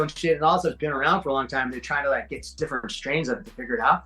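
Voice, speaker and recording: A man's voice: on the high side, very fast, few pauses, a bit bright, faint music behind, poor audio. A man in his forties, a podcast guest, telling stories in casual chat, slangy and swearing, acting out quotes. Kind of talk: casual storytelling.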